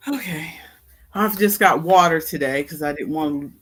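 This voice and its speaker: A man in his fifties runs a casual livestream, talking with viewers and thinking out loud while tackling a crossword. His voice is on the high side, fairly bright and husky, at a moderate pace. He speaks through a headset with headphones.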